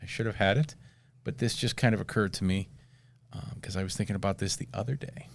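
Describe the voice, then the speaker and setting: Low gravelly man telling rambling stories. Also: quick pace, slight background noise. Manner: rambling, profane, laughing at his own jokes. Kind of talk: casual chat.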